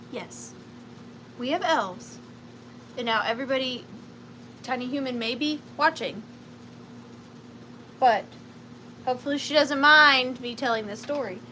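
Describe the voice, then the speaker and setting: A woman's voice: fairly high pitch, pushed and bright, slight background noise, low-quality recording. A woman with a Southern US accent hosting a live vintage and antiques sale from home, chatty and gushing, greeting viewers by name.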